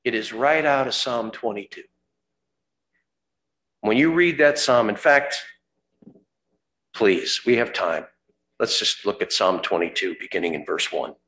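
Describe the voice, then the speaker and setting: A man preaching a sermon, dramatic, rising to fervent cries at the high points. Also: measured pace, pauses often, a bit bright, echoey room.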